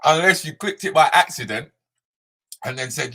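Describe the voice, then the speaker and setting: Slightly high and at normal speed, the bright voice belongs to a comedian moderating a live chat on a casual stream. He reads comments, ribs viewers by name in joking banter, and slips into Jamaican patois.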